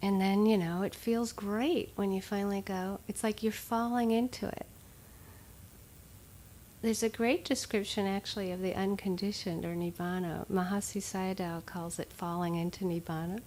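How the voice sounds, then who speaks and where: A woman giving a dharma talk, her pitch sitting in an ordinary middle range. She talks informally as a meditation teacher, with many fillers and soft laughs. A faint noise sits under the recording. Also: fairly even intonation, normal speed.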